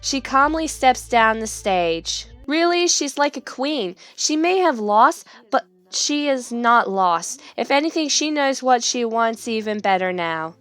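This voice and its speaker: Reflective young idol narrator read by a woman, even, slightly high voice. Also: measured pace, few pauses, dry recording, soft background music. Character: young woman idol contestant, thoughtful first-person narrator. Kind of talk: reading game narration aloud.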